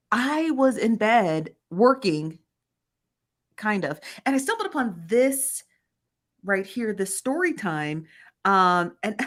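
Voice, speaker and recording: A woman's voice: mid-range voice, fairly bright tone. A woman hosting a casual livestream, chattily greeting viewers by name and reading their comments aloud. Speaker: livestream host. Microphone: phone.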